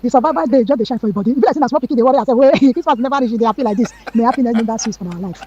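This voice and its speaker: Rapid pleading caller in Nigerian Pidgin. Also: male voice, extremely high pitch, darkish tone, slightly rough, no room sound. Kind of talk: voice note to a radio show. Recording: dull lo-fi voice note.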